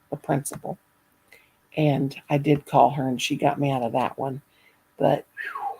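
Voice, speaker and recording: A middle-aged woman with a gravelly, husky, low-set voice spins a tale in easy conversation. She talks in an animated way and laughs through her own story. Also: low-quality recording. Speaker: caller. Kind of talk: casual storytelling.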